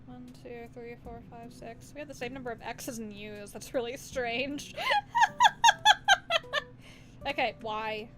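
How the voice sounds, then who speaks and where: A young woman streaming casually, giggling, bursting into loud laughter and swearing freely. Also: fairly high pitch, steady tone, a little slow, pauses often, heavy background noise. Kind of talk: casual livestream chat. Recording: music playing under the voice. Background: background music playlist.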